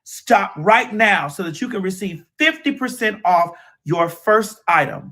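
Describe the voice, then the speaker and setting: A man's voice: sits high, sing-song, measured pace, hardly any pauses, a bit bright. A man reading a sponsor spot in a sassy, teasing, emphatic way. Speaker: sponsor read announcer. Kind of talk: playful ad read.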